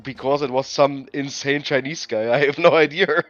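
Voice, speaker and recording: A man's voice: medium pitch, steady tone, normal speed, a bit bright, dry recording, soft background music. A man in a casual chat who laughs often and stumbles over his words. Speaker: guest on a hobby stream. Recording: slightly dull sound.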